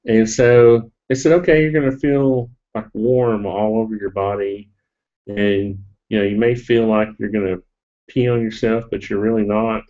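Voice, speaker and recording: Middle-aged man, low voice, sniffly, rambling and joking; dull lo-fi webcam sound. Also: little pitch movement, moderate pace, dark tone. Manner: rambling and jokey, with fillers and laughs. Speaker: live-stream vlogger. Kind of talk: casual storytelling to a live audience.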